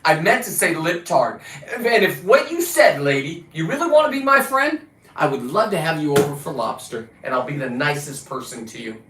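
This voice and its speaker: A man hosting a livestream, ranting casually and combatively with a lot of swearing, his pitch and volume jumping around. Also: big pitch swings, normal speed, pushed and bright, reverberant, slight background noise, rough recording. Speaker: livestream host. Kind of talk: casual profane rant.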